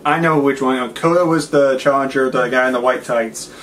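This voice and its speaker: A man's voice: mid-range voice, normal speed, a bit bright, slight background noise. A man co-hosting a casual wrestling review, rambling and hesitant as he sums up the matches. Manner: rambling, hesitant, with fillers and restarts. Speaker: wrestling show co-host. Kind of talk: casual chat.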